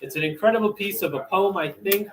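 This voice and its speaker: Wry young man, a bit high-voiced. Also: fast. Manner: wry, deadpan commentary. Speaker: streamer. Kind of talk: casual live-stream chat. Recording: echoey room with crowd noise.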